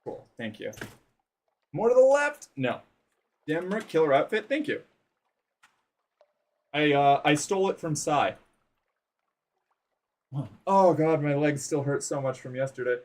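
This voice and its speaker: A man's voice: a little high, animated, a little slow, long pauses, a little mellow. A man streaming live, chatting casually to his viewers while playing a game. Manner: chatty, talks to chat while playing and exercising.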